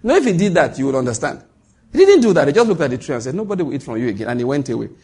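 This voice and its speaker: A man's voice: fairly high pitch, rapid-fire, husky. A man preaching a sermon, telling stories with humor and acting out the dialogue. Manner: animated, humorous storytelling with acted-out dialogue.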